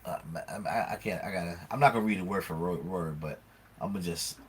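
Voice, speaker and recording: A man's voice: low voice, a little fast. A man co-hosting a casual podcast, animatedly retelling an argument with plenty of swearing and acting out both sides. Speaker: podcast co-host. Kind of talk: casual chat.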